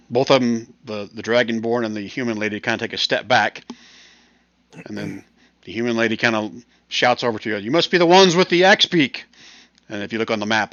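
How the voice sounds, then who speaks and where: Bright-voiced man running a tabletop game. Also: on the low side, dry recording, highs cut off. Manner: relaxed, many fillers. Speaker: game master.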